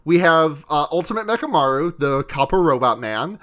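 A high-voiced man rambles through an anime recap in casual chat, his delivery excitable and loose. He swears freely and quotes the characters without fully acting them out. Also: moderate pace. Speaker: podcast co-host recapping anime.

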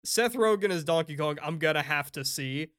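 A man co-hosting a casual chat, animated and opinionated, laughing often and swearing freely. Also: on the high side, normal speed. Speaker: podcast co-host.

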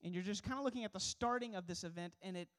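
A man's voice: high-pitched, racing, fairly bright tone. Earnest young male pastor preaching. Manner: earnest, emphatic preaching with rhetorical questions. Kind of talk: sermon.

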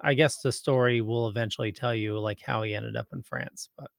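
A man in casual podcast chat, talking haltingly with lots of fillers. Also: medium pitch, steady tone, gravelly, dry recording, studio quality. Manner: halting, full of fillers and restarts.

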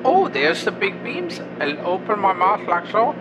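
A man's voice: high voice, sing-song, unhurried, noisy background. A man voicing a pompous male mushroom creature who calls in to a comedy show and speaks in a formal, grandiose way. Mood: boastful. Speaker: caller.

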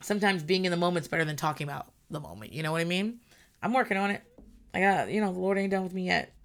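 A woman's voice: on the low side, lively intonation, quick pace. A woman in casual chat, recapping a reality show in a blunt, rambling way and swearing often.

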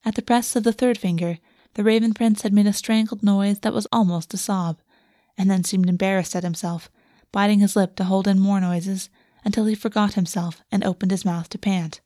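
A woman reading a fantasy romance aloud as narrator, in a soft, steady storytelling voice on a close microphone. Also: medium pitch, normal speed, dry recording. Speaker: audiobook narrator. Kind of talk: scripted narration.

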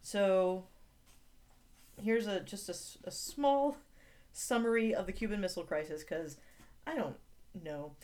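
A woman's voice: medium pitch, a little slow, pauses often, a little mellow. Chatty woman recapping TV. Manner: chatty, many fillers and restarts, reads summaries aloud. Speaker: podcast co-host. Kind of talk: casual TV recap chat.

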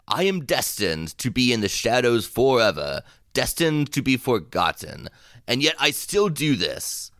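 A man plays a solemn patriarch who insists that duty comes before anything else. He talks slowly and lectures, and his pitch rises and falls widely. The tabletop role-play is recorded dry and close. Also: a bit bright, dry recording. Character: stern duty-bound family patriarch, male.

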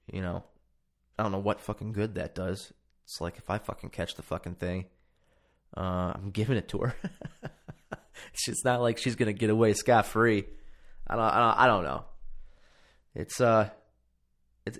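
A man's voice: on the low side, fairly bright tone. Rambling, profane podcast guy. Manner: rambling, profane, self-mocking. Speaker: podcast host. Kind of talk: casual solo podcast monologue. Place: home podcast room.

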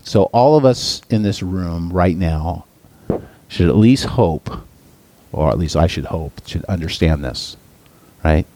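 A man telling a story as a sermon, halting often with restarts and fillers, his voice rising for emphasis. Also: expressive, warm tone. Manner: halting, lots of restarts and uh's, emphatic pitch swings. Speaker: pastor or Bible teacher.

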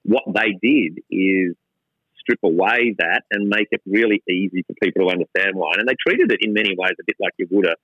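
Guesting on an interview from a gin distillery lab, this co-founder of a gin company is a middle-aged Australian man whose voice sits low and moves fairly quickly. He's casual and irreverent, mocking himself and frequently restarting. The audio is dry and lo-fi.

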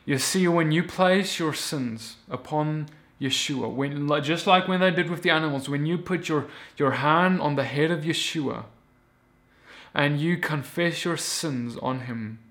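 A man's voice: a little high, fairly bright tone. A man giving an earnest, emphatic Bible teaching in a casual video sermon, often restarting his sentences.

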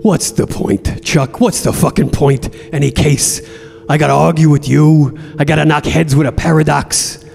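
A man voicing a gruff aging mobster lying in a coma, profane and brooding, in a comedy podcast sketch. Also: a little high, steady tone, normal speed, a little mellow, faint music behind. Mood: snarling. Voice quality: gravelly, profane, tough-guy drawl.

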